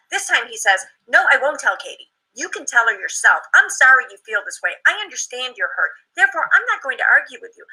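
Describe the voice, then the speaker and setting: A woman co-hosting a vlog, reading out social media posts in a steady manner. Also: fairly high pitch, slightly rough, rough recording. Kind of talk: reading screenshots aloud.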